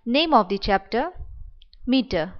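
Woman, slow lesson reading, higher voice, spells out words, dull lo-fi sound. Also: lively intonation. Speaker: teacher. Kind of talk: slow read-aloud lesson.

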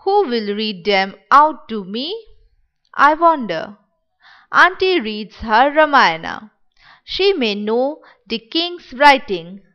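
A woman's voice: on the high side, big pitch swings, slow, fairly bright tone, smooth, lo-fi sound, heavily acted. Woman reading as a wistful sick little boy. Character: sick young village boy, wistful and eager. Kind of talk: dramatic reading of a play.

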